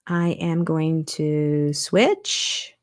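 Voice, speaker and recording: An older woman hosts a casual livestream in a slightly lowered voice. She chats freely and reacts aloud while reading out viewer comments and supporter names. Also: lively intonation, very slow. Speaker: channel host.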